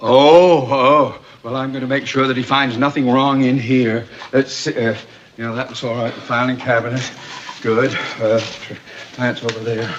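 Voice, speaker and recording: A man's voice: mid-range voice, little pitch movement, moderate pace, close to an everyday voice. A man playing a stammering, flustered bank manager. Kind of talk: 1960s sitcom acting. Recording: dull old TV soundtrack with faint hiss.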